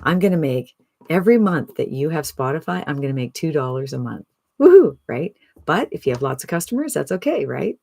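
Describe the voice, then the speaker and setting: A speaker in their sixties giving an upbeat, chatty sales pitch to camera, often tossing in a rhetorical "right?". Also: big pitch swings, fast talker, vocal fry, darkish tone, no echo. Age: 60s. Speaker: online business promoter.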